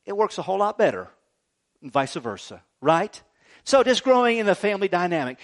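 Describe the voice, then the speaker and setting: A middle-aged man preaching with a high, bouncy voice that swings freely up and down. He keeps it light and joking, tossing "right?" to his listeners between points. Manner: animated, jokey preaching with frequent "right?" asides. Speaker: pastor. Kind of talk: sermon.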